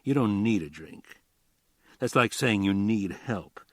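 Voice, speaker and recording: A man's voice: lowish voice, lively intonation, slow, no echo. A man reading an audiobook, playing a blunt, wisecracking homicide detective with a dry, easy manner. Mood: wry.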